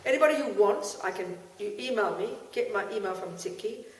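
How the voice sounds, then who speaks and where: A woman's voice: mid-range voice, fairly quick. Woman chanting mantras in a roomy hall. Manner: blunt, chatty, and jokey between chants. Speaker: Buddhist teacher. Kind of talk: teaching with chanted mantra demonstrations. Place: teaching hall with an audience. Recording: roomy, distant mic, crowd in the room.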